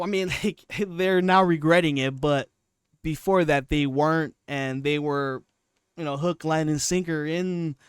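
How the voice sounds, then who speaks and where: A man's voice: on the high side, clear, resonant tone, dry recording, studio quality. A man in his twenties giving casual commentary on his channel, rambling and often restarting his sentences. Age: 20s. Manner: rambling, restarts and repeats himself. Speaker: commentary YouTuber.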